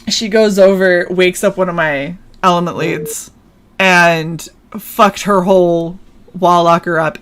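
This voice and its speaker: A woman's voice: fairly low pitch, fairly bright tone. A young adult woman co-hosting a stream, telling a story casually, swearing and laughing often. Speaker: stream co-host.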